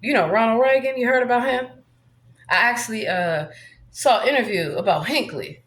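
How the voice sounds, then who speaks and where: A woman's voice: on the high side, lively intonation, moderate pace, fairly bright tone, echoey room. A woman vlogging in a rambling monologue, brash and profane, swaggering as she talks.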